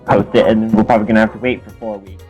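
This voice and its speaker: A man's voice: fairly low pitch, little pitch movement, very fast, a little mellow, breathy edge, soft background music. A young man co-hosting a let's play, teasing his friend in a laid-back way. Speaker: co-host. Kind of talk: casual game commentary.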